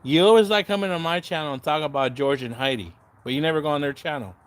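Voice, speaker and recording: A man's voice: fairly high pitch, fast, clear, resonant tone. A man hosting a casual livestream, chatting to viewers in the comments, sarcastic and rambling, swearing freely and often losing his train of thought. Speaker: livestream host.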